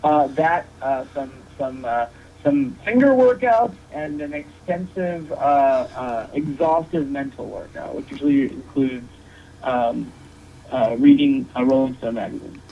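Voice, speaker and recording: A man's voice: medium pitch, a little slow, gravelly. A man guesting as a wrestling referee on a casual podcast, joking and rambling with many restarts. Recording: dull lo-fi sound with faint noise.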